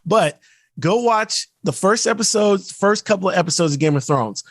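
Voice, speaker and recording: High-voiced and animated, this podcast co-host rants through casual chat, mocking actors with quick put-on quotes. The recording carries no room sound.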